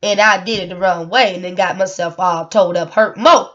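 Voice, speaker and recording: A woman's voice: lowish voice, fairly even intonation, normal speed, a bit bright, lo-fi sound. Earnest woman in an emotional vlog. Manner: emotional, earnest, repeats words, rhetorical questions. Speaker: single mother sharing her story. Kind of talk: personal vlog monologue.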